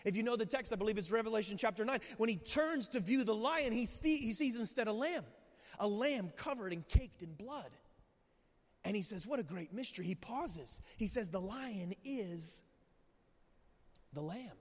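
A man preaching a sermon as a pastor, telling stories with lively rhetorical asides and questions to the church. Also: sits high, normal speed. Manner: animated storytelling, rhetorical asides. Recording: long hall reverb.

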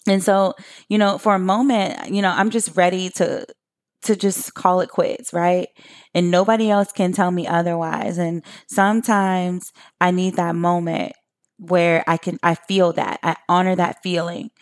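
A woman's voice: lowish voice, fairly even intonation, unhurried. A woman in her thirties hosting a solo podcast, talking to her listeners in a chatty, emphatic way. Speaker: podcast host.

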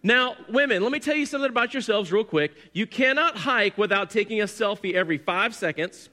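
A man in his forties preaching a sermon, telling a personal story and swinging from quiet to loud, excited bursts. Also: high-pitched, brisk. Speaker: pastor. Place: church hall. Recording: long hall reverb.

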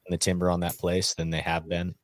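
A man co-hosting a casual fishing podcast, talking in a relaxed, enthusiastic way. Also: deep voice, fast, no echo, clean studio sound. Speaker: podcast co-host. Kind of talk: casual chat.

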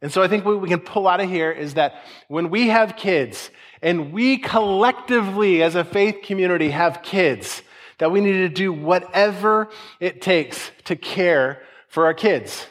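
Casting: man, forties, relaxed pastor, slightly high voice, chatty sermon delivery. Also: unhurried. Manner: conversational, folksy, with asides and quoted voices.

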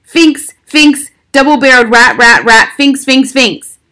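A woman's voice: mid-range voice, moderate pace, lightly acted. A woman doing a furious ranting father. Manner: shouting, sputtering. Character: angry middle-aged father ranting loudly.

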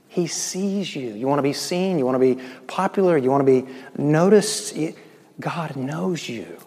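A male pastor giving a sermon, swinging between loud emphatic lines and slow, hushed, near-whispered ones. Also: fairly high pitch, lively intonation. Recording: long echo of a large hall.

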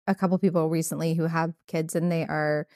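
A woman's voice: deep voice, flat delivery, fairly quick, a little mellow, no room sound, clean studio sound. A woman veterinarian telling candid stories in casual conversation, with many fillers. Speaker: podcast host, veterinarian.

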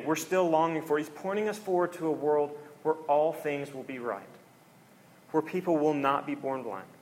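A man preaching a conversational, earnest sermon to a congregation, briefly acting out the people in the story. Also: on the high side.

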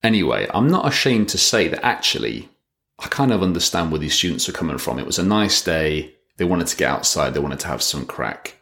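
Very deep-voiced wry male podcaster. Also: big pitch swings, fairly quick, creaky, fairly bright tone. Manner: wry, chatty, rambling. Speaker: podcast host. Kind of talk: casual solo podcast monologue.

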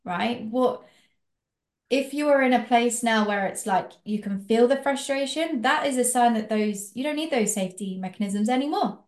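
A woman's voice: a little high, normal speed, roomy sound. A woman co-hosting a casual podcast, encouraging and full of fillers. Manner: encouraging, filler-heavy, many "like"s. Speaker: podcast co-host.

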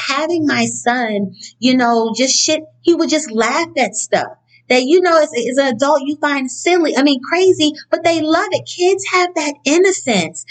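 A woman's voice: a little high, poor audio. Blunt, profane woman giving a pep talk. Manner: blunt and profane, animated emphatic outbursts. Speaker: speaker on inner-child healing. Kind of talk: casual motivational talk from notes.

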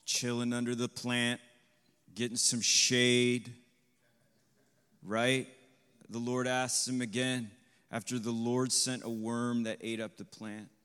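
Male preacher, unhurried sermon delivery, smooth resonant tone, surging to loud peaks, long reverb of a hall. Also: little pitch movement. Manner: swells to loud, high emphatic peaks; asks the congregation questions, adds "right?". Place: congregation hall.

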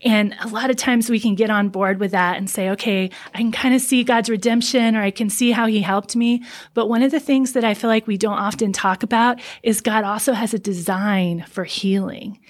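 A woman who works as a trauma counselor, speaking earnestly in a casual podcast interview and slowing down to stress her points. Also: medium pitch, steady tone. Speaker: trauma counselor and center founder.

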